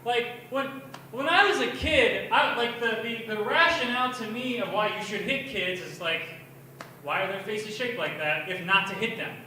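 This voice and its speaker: A young stand-up comedian does crude, self-mocking open mic material in a bar, telling his stories energetically at a moderate pace. His voice sits high, and he's picked up from a distance in the echoey, noisy room.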